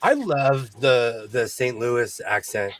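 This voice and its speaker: A man hosting a casual sewing chat, animated, breaking into song, who mentions a speech impediment. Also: medium pitch, takes it slowly. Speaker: host.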